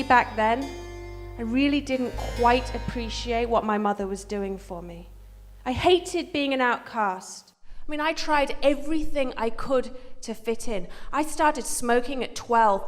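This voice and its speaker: A woman's voice: sits high, a bit bright. Wry English woman telling stories on stage. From England. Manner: wry, dry-humoured. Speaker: storyteller. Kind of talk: live stage storytelling. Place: theatre stage before an audience. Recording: live hall reverb with music score.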